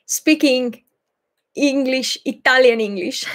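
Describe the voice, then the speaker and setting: A woman's voice: high-pitched, steady tone, takes it slowly. A young woman from Greece, hosting a live Q&A and answering viewers thoughtfully and hesitantly, with many fillers. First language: Greek. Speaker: Greek teacher and channel host.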